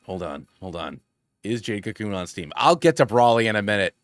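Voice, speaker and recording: A man in his thirties streaming a game, chatting casually in a rambling, excitable way with many restarts and tangents. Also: on the low side, a little fast, no echo, studio quality, soft background music. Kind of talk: casual gaming stream chat.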